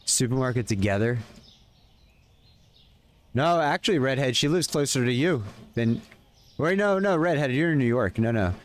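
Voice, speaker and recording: A man's voice: medium pitch, animated, moderate pace, long pauses. A man live-streaming a game, chatting casually with viewers and calling out in-game orders between questions to chat. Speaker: livestreamer.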